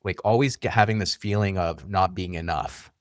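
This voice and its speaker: A man hosting an interview podcast, soft-spoken and affirming, sharing his own experience and asking follow-up questions. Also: low-pitched, normal speed, no room sound, clean studio sound. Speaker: podcast host. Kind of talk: conversational interview.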